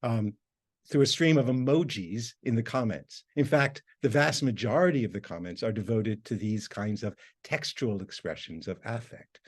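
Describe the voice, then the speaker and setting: A man, a university lecturer, reading a prepared academic talk in a measured, formal way. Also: on the low side, lively intonation.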